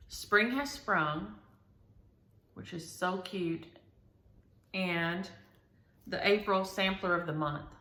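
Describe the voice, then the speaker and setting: A woman with a lowish, fairly bright voice hosts a chatty show-and-tell video, gushing over each item and speaking directly to her viewers. The recording has a roomy echo.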